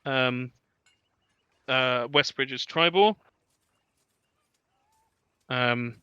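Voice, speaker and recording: Brief: relaxed male game master, crisp and bright. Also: mid-range voice, very slow, no echo, lo-fi sound. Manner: relaxed, with frequent ums and laughs. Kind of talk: narrating a tabletop game.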